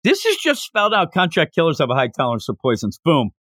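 A man hosting a podcast, recapping a manga chapter in a casual, animated way and acting out the characters' lines. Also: a little high, quick pace, dry recording, studio quality. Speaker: podcast host.

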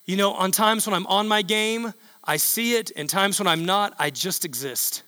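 A male pastor preaching a sermon in a large church hall, emphatic and repetitive, building up to shouts. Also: high-pitched, normal speed.

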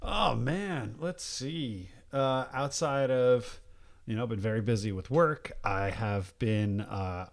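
Slow-talking laid-back man chatting. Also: mid-range voice. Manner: unhurried, laid-back joking. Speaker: podcast co-host. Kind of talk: casual chat.

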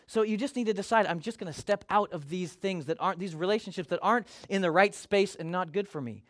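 A man's voice: sits high, quick pace. A man preaching a sermon as a pastor, talking conversationally and acting out quoted voices.

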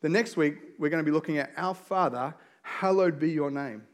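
A pastor, a man in his forties, preaching a sermon in an earnest, storytelling way, dropping softly into prayer. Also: fairly high pitch, moderate pace.

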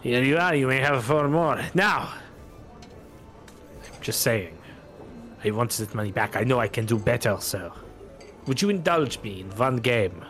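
A man's voice: mid-range voice, expressive, a little slow, long pauses, fairly bright tone, faint music behind. A man voicing a boastful foreign gambler with a French accent and showy, wheedling talk.

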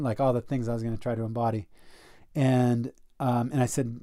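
A man in a casual podcast conversation, telling a personal story in an earnest, animated way. His pitch sits in a middle range for a man. He often fills his sentences with "like" and restarts them as he goes. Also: brisk. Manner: earnest and animated, with frequent "like" and self-corrections.

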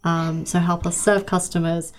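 A woman from a charity answering interview questions in a steady, practical way with frequent ums. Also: lowish voice, normal speed, slight background noise. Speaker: charity representative, guest.

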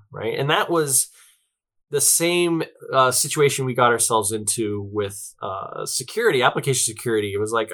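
A man speaks as a guest in an interview, his voice bright and forward in a middle register. He talks loosely and conversationally, checking in with listeners as he goes and filling pauses with small hesitations. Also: medium pitch. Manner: chatty, peppers sentences with "right?" and fillers. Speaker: guest, tech company representative.

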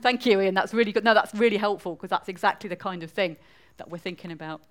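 A Mancunian woman from northwest England preaches a chatty church talk, quizzing the congregation as she goes. Her voice is mid-range and she talks fast.

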